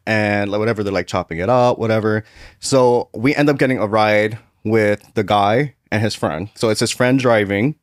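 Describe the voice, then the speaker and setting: Man telling a story with animated flair. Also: on the low side, moderate pace, no room sound, studio quality. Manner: animated storyteller, acts out quoted voices. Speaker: podcast host. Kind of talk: casual podcast storytelling.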